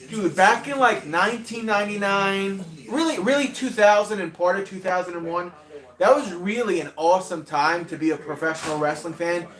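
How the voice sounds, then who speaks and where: A man's voice: high-pitched, a bit bright. A man hosting a livestream watch-along at home, giving casual play-by-play and chatting off topic with a loose, profane manner. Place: room at home. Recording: roomy echo.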